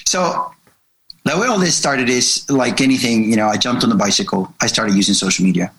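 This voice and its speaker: A man appears as a guest on a podcast and explains his marketing approach. He speaks earnestly at a middle pitch, often restarting and repeating words. His talk is loose and full of fillers. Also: fairly quick, fairly bright tone, poor audio. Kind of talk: casual interview chat.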